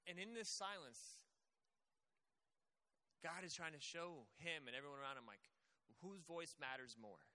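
A man's voice: a little high, animated, normal speed, long pauses, pushed and bright. A young man preaching a casual sermon, speaking conversationally and acting out quoted voices. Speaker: pastor. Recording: long hall reverb.

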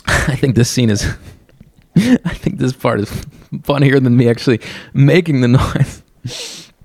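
A man's voice: mid-range voice, animated, slow, long pauses, a little mellow, no echo, clean studio sound. A man hosting a podcast, rambling through a crude, profane comedic monologue while seated on a stool at a counter, laughing often. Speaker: podcast host.

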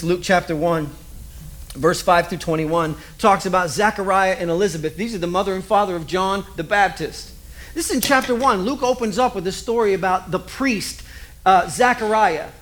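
A man preaching a sermon in a conversational, animated way, full of rhetorical questions. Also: high voice, moderate pace. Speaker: pastor.

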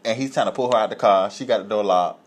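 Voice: mid-range voice, fast talker, a little hiss or hum. A co-host in a casual chat, telling stories and acting out the people in them. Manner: lively storyteller who acts out the people in the story. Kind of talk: casual chat, animated storytelling.

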